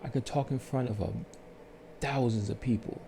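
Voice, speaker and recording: A man calmly telling his life story on his own channel, in a soothing, unhurried way with pauses. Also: medium pitch, slight background noise. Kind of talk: slow reflective storytelling.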